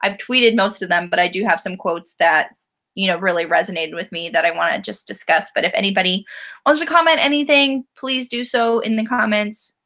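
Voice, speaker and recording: A woman's voice: medium pitch, fairly quick, pushed and bright. A young woman co-hosting a casual book club chat, enthusiastic and giggly, with lots of filler words. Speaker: co-host.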